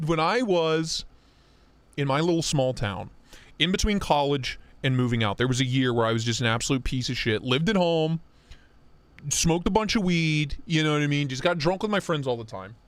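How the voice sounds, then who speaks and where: Animated, profane man hosting a livestream. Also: fairly high pitch, fairly quick, dry recording. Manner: profane, joking, reads viewer chat aloud. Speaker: livestream host. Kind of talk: casual live-stream chat.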